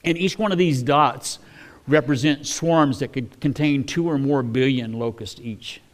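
A man delivers a sermon in a relaxed, conversational voice. He talks in a folksy way, with many fillers and restarts, as if chatting with his congregation. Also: medium pitch, unhurried. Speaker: preacher.

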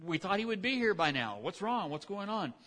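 A man's voice: sits high, sing-song, brisk, a bit bright, pitched above the performer's own voice, heavily acted. A preacher voicing a crowd of frantic male pagan priests desperately crying out to their idol. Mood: pleading. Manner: pleading, desperate cries.

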